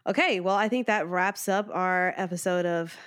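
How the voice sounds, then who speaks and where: Woman with a sick, hoarse voice. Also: on the low side, moderate pace, fairly bright tone. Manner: playful, laughs easily. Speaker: podcast co-host. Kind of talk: casual podcast chat.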